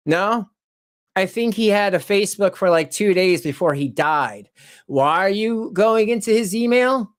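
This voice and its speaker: A man hosting his channel, heated and profane, ranting in casual commentary and laughing often. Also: measured pace. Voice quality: animated, jumps into high mocking voices when quoting critics. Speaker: channel host.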